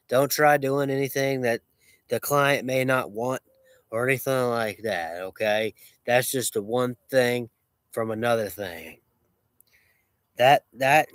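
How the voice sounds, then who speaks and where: A man's voice: mid-range voice, smooth, no room sound. A man who runs a lawn care business, talking in a rambling, repetitive and boastful way with many restarts. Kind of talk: rambling casual monologue.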